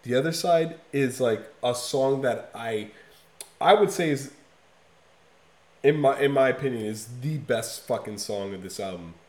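Profane, emphatic man in a roomy echo. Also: measured pace. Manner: profane, emphatic, swings from loud to low. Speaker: podcast co-host. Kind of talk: casual chat reviewing an album.

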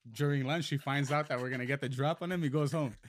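A man telling a high-school fight story in casual podcast chat, swearing freely and acting out the quotes. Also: fast. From Montreal. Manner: swearing, animated retelling with acted quotes.

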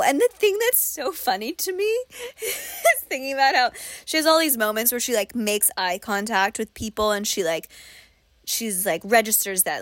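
A young woman co-hosting a casual book discussion podcast, animated and quick to laugh, acting out reactions as she talks. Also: fairly high pitch, no room sound. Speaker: podcast co-host.

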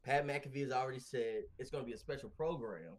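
A man co-hosting a casual wrestling podcast over a remote call, talking in a rambling, slangy, animated way and laughing often. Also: mid-range voice, fast. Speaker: podcast co-host. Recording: remote call with glitchy connection.

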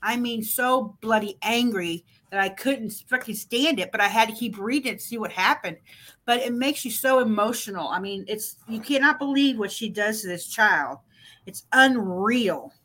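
A woman filling in as podcast co-host, talking casually in a blunt, expressive way and swearing freely. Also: a little high, moderate pace. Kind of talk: casual chat.

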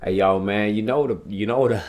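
A man's voice: lowish voice, a little fast, background noise, natural voice. A man imitating a friendly male street talker who repeats himself and stammers through slang. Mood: chummy.

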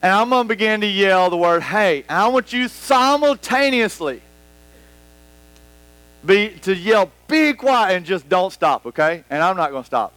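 High-voiced, animated male preacher. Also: normal speed, no echo. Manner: animated, rambling, acts out scenes. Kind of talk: sermon. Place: church hall with about a hundred people. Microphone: microphone.

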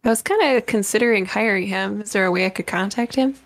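A woman's voice: medium pitch, quick pace, lightly acted. A woman voicing a polite, probing female adventurer in a fantasy role-play. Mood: curious.

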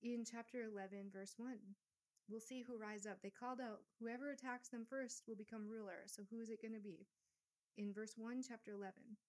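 A woman's voice: a little high, steady tone, moderate pace, darkish tone. Lady reading bible verses then chatting through what they mean, casual teaching vibe. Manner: reads scripture aloud, then paraphrases in casual asides. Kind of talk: Bible study reading and commentary.

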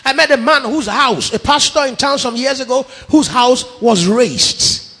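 A man's voice: extremely high pitch, unhurried, pushed and bright, slightly rough. A middle-aged man with a Nigerian accent preaching a sermon, emphatic, piling up repeated phrases. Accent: Nigerian English. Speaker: pastor. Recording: long echo of a large hall.

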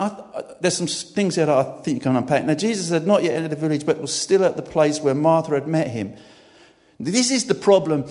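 A man giving a sermon as a guest preacher, emphatic and given to sudden loud outbursts. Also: fairly high pitch. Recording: long church-hall reverb.

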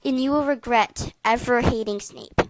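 A woman's voice: a little high, moderate pace, very noisy. A woman co-hosting a casual podcast, chatty and full of hesitant fillers. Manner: chatty, hesitant fillers, rating things aloud. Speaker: podcast co-host.

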